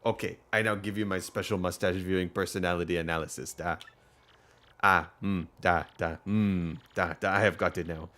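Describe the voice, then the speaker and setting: A man's voice: mid-range voice, lively intonation, brisk, hardly any pauses, fairly bright tone, slightly rough, pitched above the performer's own voice. A man voicing a smug male villager in a snowy game town who analyzes mustaches, dropping a mock "da" into his lines. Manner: faked Russian-style "da", self-assured.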